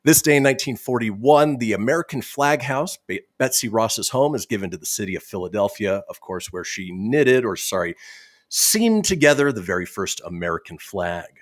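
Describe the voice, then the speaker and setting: A man's voice: fairly low pitch, lively intonation, normal speed, no echo. A man hosting a comedy radio show, reading history facts with wry asides on a studio microphone. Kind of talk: casual comedy radio banter.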